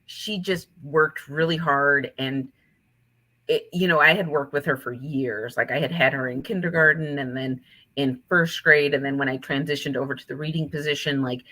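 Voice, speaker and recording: A woman with a low voice and a bright, forward tone tells stories in a relaxed interview. She speaks in a lively way and acts out her students' lines as she goes. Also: moderate pace. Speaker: author and teacher. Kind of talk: conversational interview storytelling.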